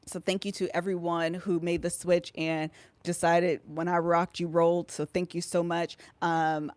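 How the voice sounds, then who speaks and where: A woman's voice: on the low side, dry recording. A woman co-hosting a podcast, talking casually and loosely on a live stream. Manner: chatty, loose and informal. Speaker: podcast co-host.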